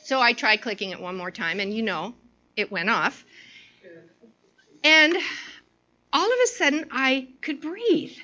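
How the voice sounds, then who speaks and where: Bright, lively woman preaching a story. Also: a little high, unhurried, pauses often, dull audio. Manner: animated storytelling, lots of restarts and fillers. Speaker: women's ministry speaker. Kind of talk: informal sermon with personal story.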